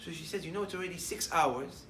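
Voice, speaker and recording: A rabbi preaching a morning talk, a man with a fairly high voice who tells a story and builds to strong, emphatic lines. He sits back from the mic in an echoey room, and a faint hiss hangs under his words. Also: fast, distant mic. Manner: mixes Hebrew terms into English, storytelling, rising to emphatic declarations. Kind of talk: short morning sermon with a story.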